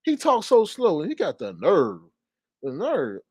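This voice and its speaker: A man doing a live commentary rant, fast-talking and sassy, slipping into mocking impressions. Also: on the high side, huge pitch swings, a little mellow, husky, no room sound, clean studio sound. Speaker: commentary streamer.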